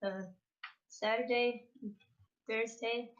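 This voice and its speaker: A woman's voice: a little high, steady tone, takes it slowly, lo-fi sound, crowd noise. A woman playing a tabletop game, chatting in a giggly, playful way. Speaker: player. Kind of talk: casual chat during a tabletop game.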